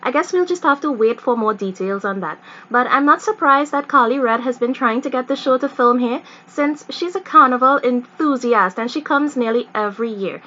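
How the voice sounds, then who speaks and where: A woman's voice: fairly high pitch, moderate pace, sharp tone, muffled recording. A woman hosting a vlog, narrating a news segment in a chatty, breezy way. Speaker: vlog host. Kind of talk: scripted narration.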